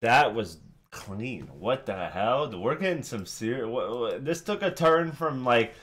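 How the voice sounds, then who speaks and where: Excitable man reacting to a rap battle. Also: mid-range voice, a little slow. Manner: excitable, swearing, hyping up lines. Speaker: reaction video host. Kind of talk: casual reaction commentary.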